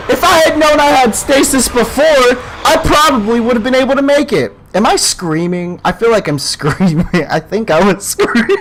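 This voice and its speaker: A young man playing a horror game, yelping and shouting in panic between calmer running commentary. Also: very high-pitched, moderate pace, hardly any pauses, background noise. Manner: screams and yelps in panic, then talks calmly. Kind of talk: let's play commentary.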